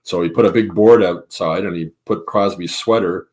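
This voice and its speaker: A hockey columnist with a Canadian English accent joins as a guest in a casual chat, his voice low and his pace moderate. He tells anecdotes with animation and acts out the quotes as he goes.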